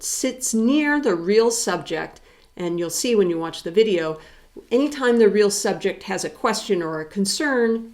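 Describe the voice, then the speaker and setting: A woman's voice: medium pitch, a little mellow. Woman, psychology professor, recorded lecture, explanatory with rhetorical questions.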